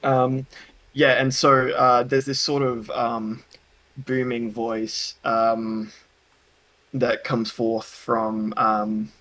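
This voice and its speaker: A man running a tabletop game as game master, describing scenes slowly and hesitantly. His voice sits at an ordinary pitch, full of ums and uhs. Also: a bit bright, poor audio.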